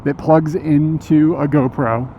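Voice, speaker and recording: Gravelly, laid-back male streamer. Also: fairly high pitch, steady tone, takes it slowly, mellow, dull audio, slight background noise. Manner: laid-back, chatty, laughs often. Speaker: IRL streamer. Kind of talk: casual storytelling on a walk. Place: outdoors on a city street.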